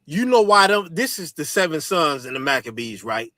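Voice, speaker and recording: A man preaching forcefully to his listeners, repeating "you understand" and swearing often. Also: on the high side, very animated, normal speed, no echo, studio quality. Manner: forceful, repetitive, profane. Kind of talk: street sermon teaching.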